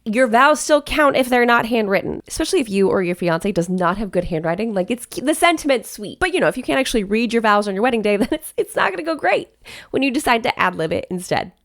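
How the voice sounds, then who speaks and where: A woman's voice: on the high side, sing-song, fast. A woman wedding planner giving advice in a casual vlog, chatty and direct, often checking in with "okay?".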